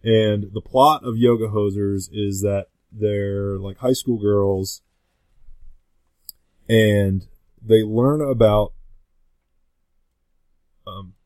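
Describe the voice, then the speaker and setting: Low voiced guy rambling on a podcast, lots of ums, dry sound. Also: steady tone, very slow, long pauses, a little mellow, smooth, no room sound. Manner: rambling, full of fillers and restarts. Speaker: podcast guest. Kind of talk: casual chat.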